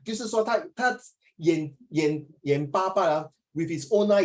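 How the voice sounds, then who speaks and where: A middle-aged man with a Singaporean English accent, teaching an online class over a video call. He tells stories in a chatty, animated way and slips into Mandarin. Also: sits high, poor audio.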